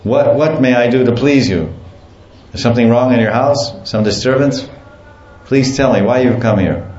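A man's voice: medium pitch, a little mellow, lightly acted. A man playing a young male god who speaks like a curt policeman, firing off questions in a short, official way. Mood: officious. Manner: curt rapid-fire interrogation. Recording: echoey muffled room with faint ambience.

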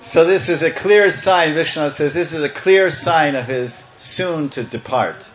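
A man giving a devotional storytelling sermon, animated and playful, breaking into chants and acting out parts. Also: fairly high pitch, measured pace, some chatter behind. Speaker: devotional speaker. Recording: echoey, slightly muffled room.

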